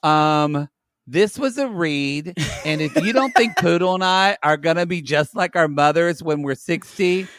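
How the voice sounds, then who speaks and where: A man's voice: a little high, measured pace, a bit bright, clean tone, dry recording. A man co-hosting a podcast, recapping with wry, teasing asides. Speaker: podcast co-host. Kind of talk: casual chat.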